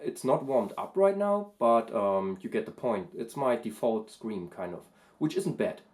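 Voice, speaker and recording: A man talking through a casual vocal lesson, thoughtful and hesitant, with many pauses and fillers. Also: mid-range voice, sing-song, a little mellow. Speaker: vocal coach and vlogger.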